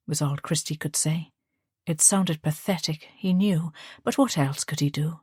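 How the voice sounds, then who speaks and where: Female audiobook narrator, lowish voice, measured delivery, dry close sound. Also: a little mellow, slightly rough, no echo. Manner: measured storytelling. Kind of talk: scripted narration.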